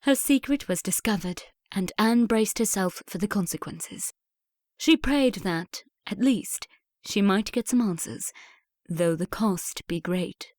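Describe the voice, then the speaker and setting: A woman's voice: medium pitch, measured pace, darkish tone, no echo, studio quality. Woman narrating a period romance audiobook. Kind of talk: scripted narration.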